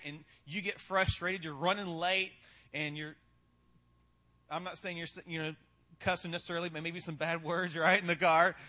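A man's voice: high-pitched, pushed and bright. A male pastor preaching a sermon in a casual, conversational way, tossing in rhetorical questions and humor.

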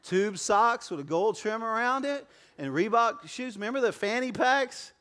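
A male pastor with a notably high, slightly bright voice preaches a sermon to a congregation in a church auditorium. He is animated and speaks at normal speed, keeping things joking and conversational and often turning aside to address the people in front of him directly.

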